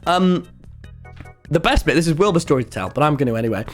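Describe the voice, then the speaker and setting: A man, telling a story to his live chat in an excitable, rambling way. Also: a little high, fast, soft background music. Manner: excitable and rambling, with many restarts. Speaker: streamer.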